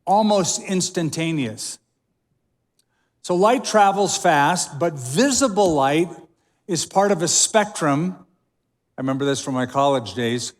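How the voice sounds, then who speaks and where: A man delivers a sermon from the pulpit, unhurried and deliberate, leaning into dramatic pauses. His voice sits a little high for a man. The sound carries a long reverb from a large church auditorium. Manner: emphatic preaching with dramatic pauses. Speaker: pastor.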